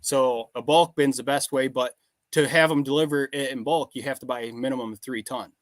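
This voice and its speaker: A man's voice: medium pitch, steady tone, brisk, dry recording. A man in his thirties, a farmer, talking casually and plainly on a podcast.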